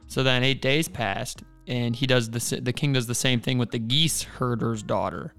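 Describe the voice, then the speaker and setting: A man's voice: medium pitch, steady tone, normal speed, gravelly, few pauses, fairly bright tone, clean tone, faint music behind. A man co-hosting a podcast, retelling a folk tale in a laid-back, rambling casual way. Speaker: podcast co-host. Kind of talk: casual storytelling.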